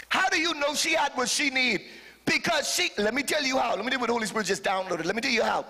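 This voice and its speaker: Male bishop, high bright tenor, fervent sermon delivery in a long-reverb church hall. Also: expressive, fairly quick, creaky. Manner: fervent preaching, calls to the congregation, sudden shouted peaks. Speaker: bishop preaching. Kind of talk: live sermon.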